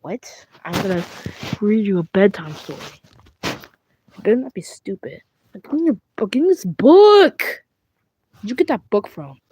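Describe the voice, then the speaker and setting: British woman, young, two plush toys in one voice, rambling skit, middle pitch. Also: big pitch swings, a little slow, pauses often, darkish tone, breathy edge. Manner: bickering back and forth between two characters in one voice; stumbling, restarting and rambling. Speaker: puppeteer voicing plush toys. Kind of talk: playful plush puppet skit.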